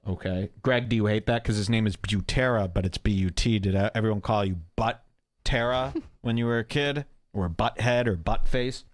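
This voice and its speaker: A man's voice: on the low side, moderate pace, no room sound. A man hosting a casual comedy podcast, mocking people and reading their posts aloud in sarcastic tones. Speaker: podcast host.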